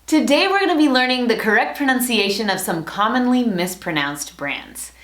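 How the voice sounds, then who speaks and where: Woman teaching pronunciation, spells things out slowly and clearly, bit of room echo. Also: fairly high pitch, expressive, a bit bright. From Latin America. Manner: clear, deliberate enunciation, switching between English and Spanish. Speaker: language teacher. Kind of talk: bilingual pronunciation lesson.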